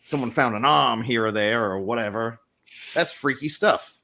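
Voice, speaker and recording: A man's voice: medium pitch, normal speed, creaky, bright, forceful tone. A man playing a rambling, conspiratorial newspaper reporter as game master in a tabletop role-play. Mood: gossipy. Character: gossipy middle-aged male small-town newspaper reporter.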